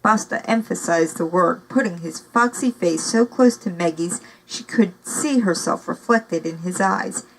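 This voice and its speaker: A woman's voice: lowish voice, a little slow, vocal fry, few pauses, rough recording. A woman reading a novel aloud, narrating steadily with occasional casual asides. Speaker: audiobook reader.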